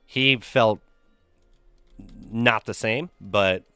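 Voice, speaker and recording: A young man chats loosely through a game stream, swearing freely and joking as he tells stories and greets chat. His fairly low voice is bright and smooth, with a little music playing faintly behind him. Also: extremely slow, no echo. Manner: loose, profane, joking storyteller reading chat. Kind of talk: casual stream chat with viewers.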